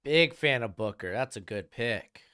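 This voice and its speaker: On his live stream, a young man gives casual commentary on draft picks while replying to viewers in chat. He speaks at a measured pace in a medium-pitched voice that's pushed, bright, and smooth, with lively intonation. The tone is chatty, with chat questions answered and opinions dropped offhandedly.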